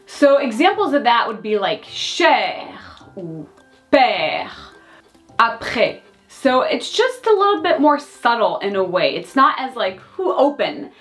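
A woman's voice: sits high, very animated, normal speed, few pauses, fairly bright tone, faint music behind. A woman whose first language is French, giving a chatty video lesson and explaining with examples. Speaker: French teacher.

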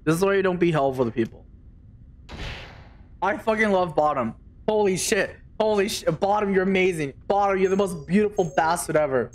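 A game streamer commentating a live play session, excitable, swearing and reading game dialogue aloud in mock voices. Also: mid-range voice, brisk. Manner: excitable, swears, screams in panic.

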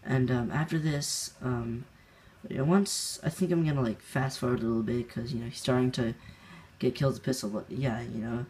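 Young male gamer narrating his own match, loose and rambling, chuckles a lot, middle-pitched everyday voice. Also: steady tone, moderate pace, a little mellow, a little hiss or hum. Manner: rambling, laughing, many fillers and restarts. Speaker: gaming channel host. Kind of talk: casual gameplay commentary.

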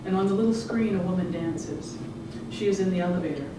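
An author giving a measured, rhythmic public reading of their own fiction. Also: mid-range voice. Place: event room. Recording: echoey room, distant mic, background noise.

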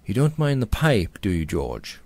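A man reading aloud, voicing a young gentleman who speaks quietly and soothingly to a distressed friend. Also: medium pitch, expressive, moderate pace, no echo, lightly acted. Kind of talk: audiobook character reading.

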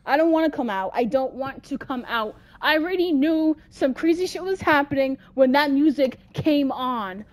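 Scared woman gamer, slow and high, swears a lot. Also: animated. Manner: frightened, swearing, yelling at the game. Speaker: gamer playing a horror game. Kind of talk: horror let's play commentary.

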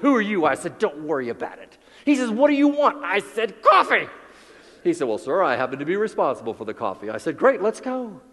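Theatrical male keynote speaker, lively pitch. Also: big-room sound. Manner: theatrical storytelling, acts out quoted voices, drops low and quiet for emphasis. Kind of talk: motivational keynote speech. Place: large hall with audience.

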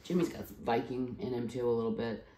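A low-pitched, mellow-toned woman from the East Coast rambles through a personal vlog, tired after travel and full of asides. Her voice rings a little in an echoey room. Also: fairly even intonation, fast talker, a little hiss or hum. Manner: rambling, digressive, frequent restarts and asides. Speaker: vlogger.

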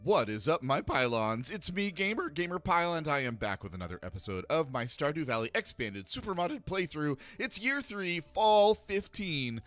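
A man's voice: fairly high pitch, very animated, moderate pace, hardly any pauses, fairly bright tone. Male let's-play host, breezy and jokey, reads in-game lines with playful voices, light music bed. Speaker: gaming channel host.

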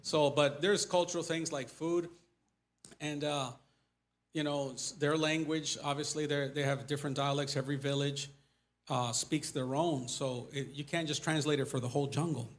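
Man, missionary speaker, church testimony, rambling storytelling, somewhat high voice. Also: steady tone, normal speed. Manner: loose storytelling with many fillers and restarts.

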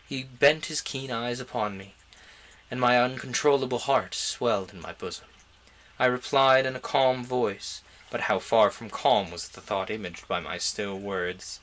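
A man's voice: mid-range voice, a little slow, a bit bright. A man reading a classic novel aloud on a stream, now and then tripping over the old-fashioned words and restarting. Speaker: audiobook reader and streamer.

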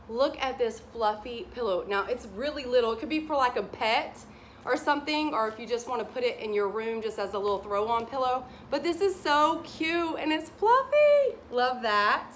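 A woman with a drawl shows off her shopping haul in a casual chat to camera. Her voice sits a bit high, and she gushes over every item in a giddy, excitable rush. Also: a little hiss or hum. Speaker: haul vlogger.

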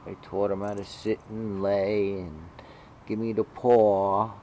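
Slow-talking man doting on pets. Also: on the low side, little pitch movement, warm tone, slight background noise. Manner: coos doting baby talk at pets, rambling asides. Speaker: pet owner filming his cats. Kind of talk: casual home video chat.

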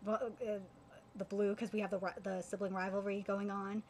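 Woman doing an anime reaction stream, super excitable fangirl, lots of ums, faint hiss behind. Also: mid-range voice, normal speed. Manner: excitable fan gushing, many fillers and restarts. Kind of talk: live reaction commentary.

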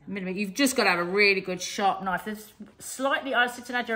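A woman's voice: medium pitch, fast talker, bright, forceful tone, echoey room. A middle-aged Englishwoman casually demonstrating a recipe in a home kitchen, explaining as she goes. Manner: chatty, explains as she cooks. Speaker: cooking show co-host.

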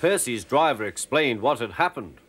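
A man narrating a children's story in a gentle, expressive way. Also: mid-range voice, moderate pace, music in the background.

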